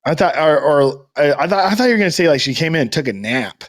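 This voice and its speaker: Lively, high-voiced man chiming in. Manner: quick reactive interjections and questions. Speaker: podcast co-host. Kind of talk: casual chat.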